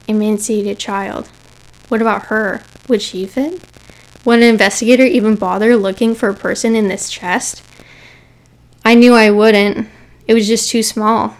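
A young woman hosting a podcast, reading a scary story aloud in a steady, measured way and dropping to a whisper at chilling moments. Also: medium pitch.

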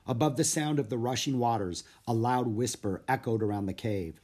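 A man reads a children's storybook aloud in a steady, measured voice. His pitch sits in an ordinary middle range. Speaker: narrator. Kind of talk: storybook read-aloud narration.

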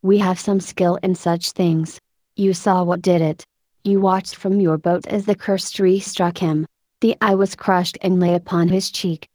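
A woman voicing a powerful, gruff old male peasant landowner who speaks curtly and stubbornly. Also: lowish voice, fairly even intonation, measured pace, mellow, no room sound. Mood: grim. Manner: curt, brusque, stolid.

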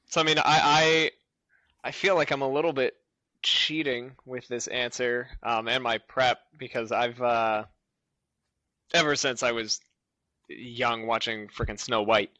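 An American man with an American accent, guesting on a podcast as a voice actor. His voice is bright and forceful, recorded close and dry, and he answers with snarky asides and plenty of fillers. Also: mid-range voice, no room sound. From United States. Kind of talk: casual interview chat.

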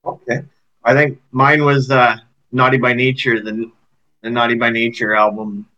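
A man's voice: medium pitch, level tone, moderate pace, pushed and bright. A man with a Canadian accent hosting a podcast, easygoing and asking short questions. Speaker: podcast host. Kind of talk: casual interview chat. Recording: dull lo-fi sound.

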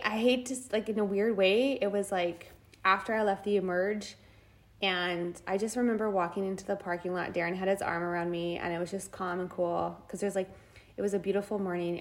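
An animated woman in her thirties talks through a personal story in a relaxed chat. She jumps between voices as she acts out what people said, laughs often, and lets the odd swear slip. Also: mid-range voice. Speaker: podcast co-host. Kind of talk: casual chat.

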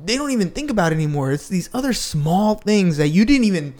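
A father hosting a podcast, musing thoughtfully about parenting and regret in a relaxed conversation. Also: high-pitched, brisk. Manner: reflective, musing, with many restarts. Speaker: podcast host. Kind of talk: casual chat.

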